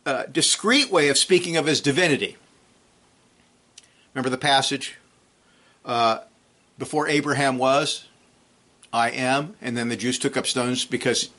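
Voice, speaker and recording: Bright-voiced male preacher. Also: fairly high pitch. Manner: measured expository preaching with Greek terms. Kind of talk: sermon on scripture.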